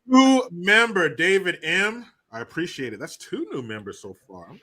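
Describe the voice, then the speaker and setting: A man's voice: high voice, wildly swooping pitch, normal speed, very noisy. A man hosting a podcast in casual chat, joking and swearing freely as he reads news aloud. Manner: profane, joking banter. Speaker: podcast host.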